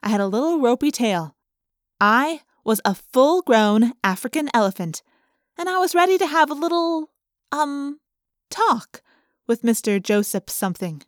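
A woman narrating a children's audiobook in a playful, expressive storytelling manner. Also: sits high, a little slow, no echo, clean studio sound.

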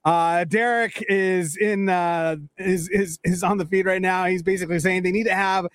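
A man's voice: high-pitched, fairly even intonation, moderate pace, no echo, studio quality. A man co-hosting a sports podcast, joking and laughing often in casual chat. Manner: joking, laughs often, acts out voices in anecdotes. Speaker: podcast co-host.

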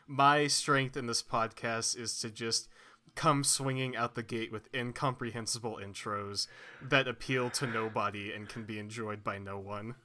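A man's voice: mid-range voice, steady tone, unhurried, pushed and bright. A young man co-hosting a casual comedy podcast, goofy and rambling with lots of filler words. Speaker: podcast co-host.

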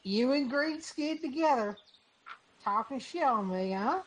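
A man voicing a brash young male adventurer with a man bun in a tabletop game, in a put-on high falsetto and, later, a put-on cowboy drawl, talking back defensively and sassily. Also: animated, measured pace, a bit bright, a little hiss or hum, exaggerated voice, low-quality recording. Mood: defiant drawl. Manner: defensive, sassy banter in character. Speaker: player. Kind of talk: tabletop role-play, in character.

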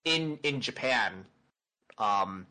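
Bright-voiced man in casual chat. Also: fairly low pitch, extremely slow, poor audio. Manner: animated, repeats words when starting sentences.

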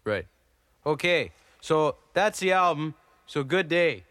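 An actor playing a dim, easily flustered Canadian hoser on a comedy album, rambling and bickering with lots of fillers in a Canadian accent. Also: male voice, on the high side, expressive, takes it slowly, fairly bright tone, dry recording. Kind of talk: improvised comedy album sketch.

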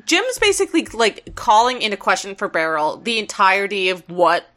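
Bright, animated female podcast co-host. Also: mid-range voice, moderate pace. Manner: animated, giggly, playful. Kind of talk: casual chat recapping a cartoon.

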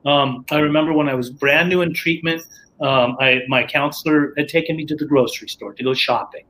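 Man telling a recovery story, slightly high. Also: brisk, a bit bright, poor audio. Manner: rambling, lots of fillers and restarts. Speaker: guest sharing his recovery story. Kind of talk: casual storytelling.

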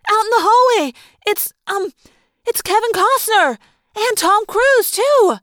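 A woman voicing an excitable teenage girl in an audiobook, shouting and scolding. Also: takes it slowly, dry recording, studio quality, exaggerated voice. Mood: excited. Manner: shrill and excited.

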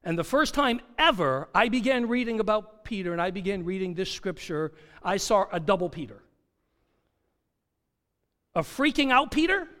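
A man's voice: sits high, a bit bright. A man preaching a sermon, dramatic, asking rhetorical questions and acting out quoted dialogue. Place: church sanctuary. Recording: long hall reverb.

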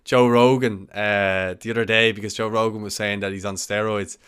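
A man's voice: on the low side, little pitch movement, normal speed, a bit bright, clear, resonant tone. A man in casual podcast chat, telling gossipy stories and chuckling along.

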